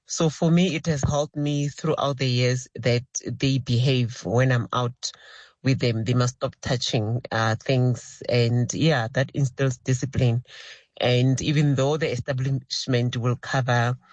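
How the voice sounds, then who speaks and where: A man's voice: medium pitch, steady tone, a little slow, no room sound. A man speaking in a voice note to a radio show, firm and matter-of-fact. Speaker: listener sending a voice note. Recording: dull lo-fi voice note.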